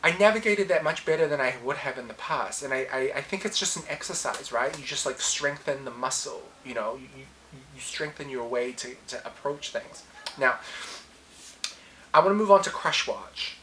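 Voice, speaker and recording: A woman's voice: rumbling low, lively intonation, moderate pace, a bit bright, a little hiss or hum, low-quality recording. A woman hosting a casual solo podcast, telling a personal story with animation and acting out her own past lines. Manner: reflective, self-coaching tone. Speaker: podcast host.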